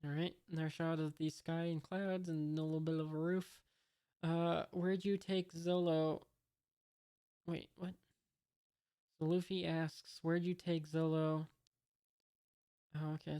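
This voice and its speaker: A woman with a low, smooth, clear voice reads a comic aloud at an unhurried pace. Her delivery stays casual and hesitant, with many filler pauses as she describes the panels and sound effects. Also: little pitch movement, warm tone. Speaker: reader of a comic. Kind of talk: casual comic read-along.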